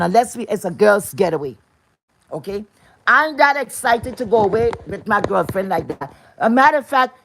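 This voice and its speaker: A woman delivering an angry, profane, confrontational rant to camera. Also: fairly high pitch.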